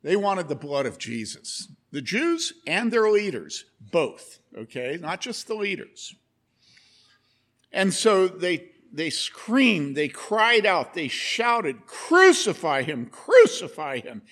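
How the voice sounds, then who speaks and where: A man's voice: sits high, very animated, slow, fairly bright tone. A man preaching a sermon, telling a story with lots of energy and asking the congregation questions. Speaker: pastor.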